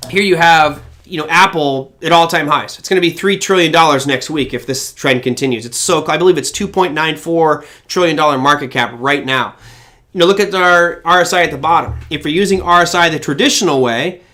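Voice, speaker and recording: A man hosting a live-stream market show, chatting casually with viewers and telling animated stories. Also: a little high, fairly quick. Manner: animated storyteller who breaks into impressions. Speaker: trading show host.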